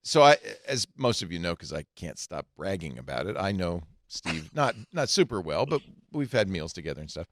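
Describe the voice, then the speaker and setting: Lively older man hosting a tech show. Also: low voice, moderate pace, hardly any pauses, no room sound, clean studio sound. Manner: reads headlines aloud with asides and laughs. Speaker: podcast host. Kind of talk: casual tech chat.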